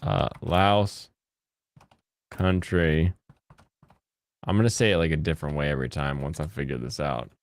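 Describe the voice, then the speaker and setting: An American man chatting casually with his live-stream audience, joking and breaking into high mocking voices. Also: fairly even intonation, moderate pace, pauses often, no room sound. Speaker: streamer reacting to chat.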